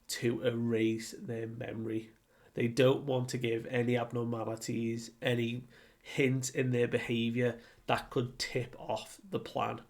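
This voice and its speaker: A young man chatting casually through a comic chapter recap, full of fillers and acted-out quotes. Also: medium pitch. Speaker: anime and manga reviewer.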